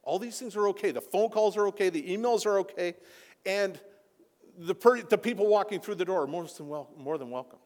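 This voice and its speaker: A man with a high voice preaching a sermon, his delivery swelling into loud, impassioned peaks. His voice rings out with a long reverb, as in a church sanctuary. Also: brisk. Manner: impassioned, building to near-shouting peaks. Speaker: pastor.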